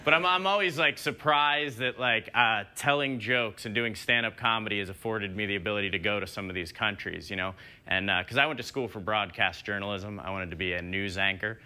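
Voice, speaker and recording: A man's voice: fairly low pitch, a little fast, sharp tone. A young man performing a stand-up comedy set on a TV stage, talking in a casual, rambling, self-deprecating way. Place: TV studio stage before a live audience.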